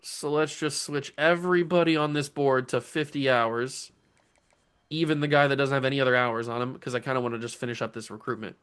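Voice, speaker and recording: A man's voice: mid-range voice, steady tone, brisk, a bit bright, clean tone. A young man hosting a gaming channel, giving casual commentary on a football video game with melodramatic, exasperated rants. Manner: melodramatic, ranting, exasperated outbursts.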